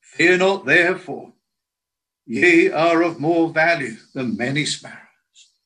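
A man preaching a sermon in a slow, earnest way, quoting scripture in old biblical language. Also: a little high, bright, forceful tone, low-quality recording.

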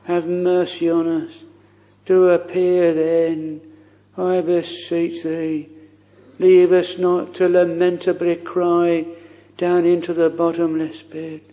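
A man prays aloud from the pulpit in old-fashioned formal phrasing, earnest and pleading, his words slow and held to a flat, even line. His tone is mellow and a little higher than most men's. The lo-fi recording carries the long reverb of a church hall. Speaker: minister leading prayer.

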